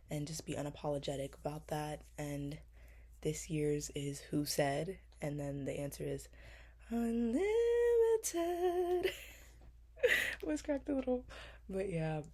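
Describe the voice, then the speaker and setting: A woman's voice: deep voice, dark tone. A young woman in her twenties, a vlogger answering interview questions in casual, reflective talk, earnest and emotional, with frequent fillers. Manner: earnest, emotional, drawn-out pauses, many fillers. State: close to tears.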